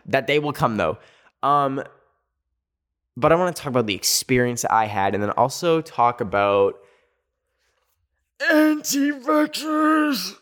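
A man's voice: medium pitch, moderate pace, clean tone. Sassy, chatty man telling a story. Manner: animated storytelling, sassy asides, acts out quotes. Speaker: podcast host. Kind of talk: casual chat.

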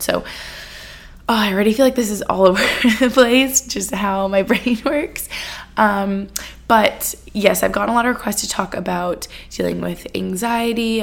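A woman's voice: mid-range voice, creaky. A woman hosting a personal podcast, chatting in a rambling way with lots of fillers and nervous laughs, sounding a little congested. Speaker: podcast host.

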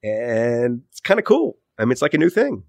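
A middle-aged man, an author, answering interview questions in a thoughtful, self-correcting way, often trailing off low at the ends of phrases. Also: wildly swooping pitch, moderate pace, creaky, dry recording, studio quality. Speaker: author and podcast host, guest.

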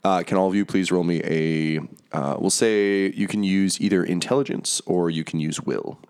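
A man narrating a tabletop game as game master, descriptive and halting with many fillers. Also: deep voice, fairly even intonation, a little mellow, clear, resonant tone.

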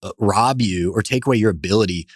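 A man, a company founder, telling energetic stories as a guest in a casual interview. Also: on the low side, fast, breathy edge, no echo, clean studio sound. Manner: animated, energetic storyteller.

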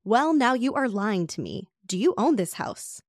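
A woman's voice: on the high side, big pitch swings, moderate pace, dry recording, studio quality, voice pushed up. A woman voicing an angry, demanding female renter in her forties, reading her lines out with indignant emphasis.

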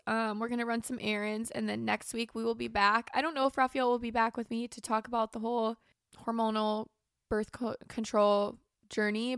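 A woman's voice: a little high, a bit bright, no echo, clean studio sound. A young woman host talking through a casual, rambling personal monologue, emotional and tearful, with many fillers. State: crying. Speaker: podcast host.

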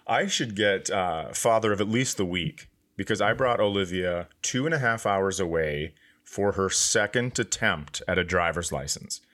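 A man's voice: low-pitched, measured pace. A middle-aged man hosting a podcast, telling a family story in casual chat and acting out what others said. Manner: lively storyteller, acts out quotes in a raised voice. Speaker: podcast host.

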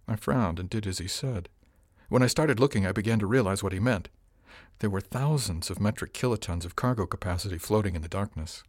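A man reading a first-person story as an audiobook narrator, in a steady, plain storytelling manner. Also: on the low side, fairly quick, no echo, studio quality.

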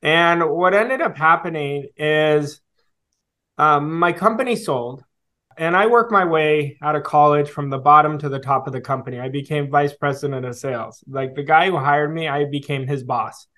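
Male guest coach in his forties, slightly high voice, earnest reflective storyteller with pauses and fillers. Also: bright, forceful tone. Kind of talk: storytelling interview answer.

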